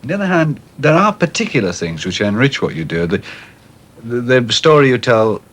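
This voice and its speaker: A male interviewer whose pitch rises and falls a great deal as he feels his way through long questions. His delivery is measured, and he pauses and restarts his sentences as he goes. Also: sing-song, a bit bright. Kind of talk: TV arts interview.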